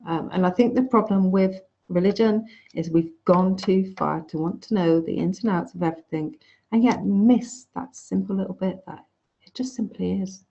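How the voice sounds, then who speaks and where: Woman course teacher, frank casual lecturer, dark warm tone, lo-fi call sound. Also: mid-range voice, normal speed, gravelly. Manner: chatty, frank, restarts phrases. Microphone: video call. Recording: dull lo-fi video call audio.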